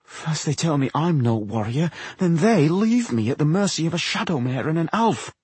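A man's voice: on the high side, expressive, moderate pace, darkish tone, breathy edge, dry recording, pitched above the performer's own voice. A man voicing a frightened young male dwarf warrior who talks in tense, urgent outbursts in an audiobook. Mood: anxious.

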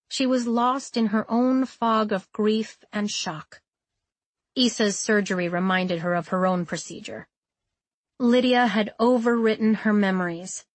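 A woman reading a novel aloud as narrator, in a steady, measured way. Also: medium pitch, no echo. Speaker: audiobook narrator. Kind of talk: scripted narration.

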